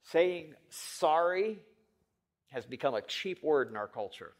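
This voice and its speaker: In an animated sermon he takes slowly, a male pastor shifts from soft, low lines to forceful, loud ones. He puts questions right to the congregation.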